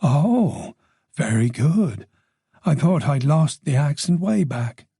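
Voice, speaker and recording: A man's voice: fairly high pitch, big pitch swings, vocal fry, warm tone, breathy edge, dry recording, heavily acted. A man voicing a chatty, observant older woman with a faint Dublin accent, teasing and talking on in an audiobook. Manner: gossipy, teasing, talks on quickly.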